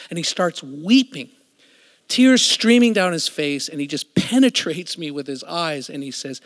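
A middle-aged man preaching a storytelling sermon, emphatic and shifting from loud to hushed, as a worship musician. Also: a little high, moderate pace. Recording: echoey hall reverb.

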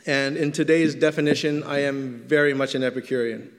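Male pastor, mid-pitched voice, relaxed teaching sermon, long echo from a big hall. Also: a little fast, a little hiss or hum. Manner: conversational teaching, stretches words for emphasis.

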